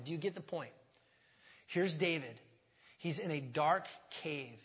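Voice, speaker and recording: A man's voice: fairly high pitch, animated, unhurried, a bit bright. Impassioned male pastor preaching. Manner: impassioned, rising to emphatic outbursts. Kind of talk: sermon.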